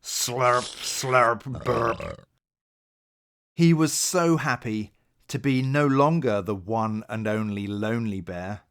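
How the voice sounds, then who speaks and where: A man reading a bedtime picture book aloud as narrator, in a slow, gentle storytelling way. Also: medium pitch, clear, resonant tone.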